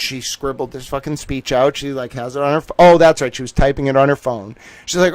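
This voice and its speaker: A man telling a story on his stream in a profane, animated way, acting out the voices of the people in it. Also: medium pitch, fairly quick, no echo, low-quality recording. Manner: animated, swearing, acts out quoted voices. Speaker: streamer host. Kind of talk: profane casual storytelling monologue.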